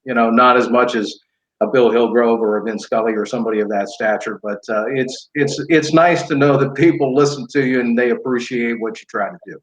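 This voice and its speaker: A middle-aged man, a guest sportscaster chatting modestly, halting and restarting often. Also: mid-range voice. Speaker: guest play-by-play broadcaster. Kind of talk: casual podcast chat. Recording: roomy, dull remote audio.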